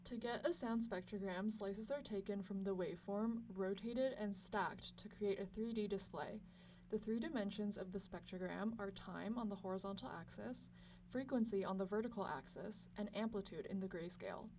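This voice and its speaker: Young woman, scripted lesson narration, measured and clear, mic slightly distant with faint hum. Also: medium pitch, a little mellow. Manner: clear, measured explanatory delivery. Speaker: lab student presenter.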